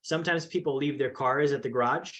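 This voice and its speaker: A man's voice: mid-range voice, fairly quick, fairly bright tone. A man teaching a finance course, emphatic and repetitive, often checking in with the listener. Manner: emphatic, repeats points with "okay" and "right". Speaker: financial educator. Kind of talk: explanatory course talk.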